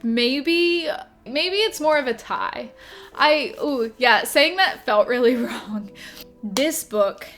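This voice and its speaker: A woman's voice: high-pitched, lively intonation, slow pace, fairly bright tone, soft background music. A young woman reviewing her favorite books to camera, gushing and emotional, with lots of "like" and "um" fillers. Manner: impassioned, gushing, talks through tears; frequent "like" and "um" fillers. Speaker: book reviewer. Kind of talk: casual to-camera book review.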